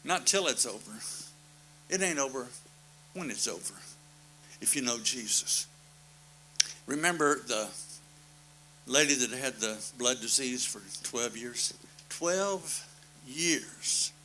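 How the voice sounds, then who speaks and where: A man's voice: mid-range voice, pushed and bright, a little hiss or hum, low-quality recording. A man preaching a sermon in a folksy, plain-spoken storytelling manner, repeating his refrains.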